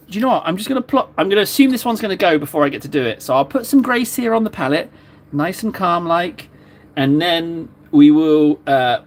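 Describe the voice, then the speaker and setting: A chatty man streaming himself at work, talking viewers through every small step in a loose, playful way. His voice sits a little higher than most men's and moves freely as he jokes along. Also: slight background noise. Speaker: streamer painting miniatures. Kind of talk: casual live-stream chat.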